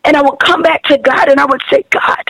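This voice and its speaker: A woman with a high voice tells a personal faith testimony on a podcast. She speaks earnestly and with emotion, circling back over her words. Her voice sounds close and dry, with no room around it. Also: fast talker, creaky, fairly bright tone, no echo, low-quality recording. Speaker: podcast guest sharing testimony.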